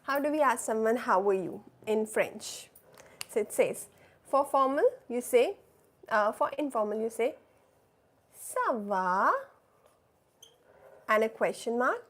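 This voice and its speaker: A woman teaches a live online beginner French class, patiently repeating phrases for learners to echo and checking in with "right?" and "oui?". Her voice is on the high side and animated, slow, with long pauses.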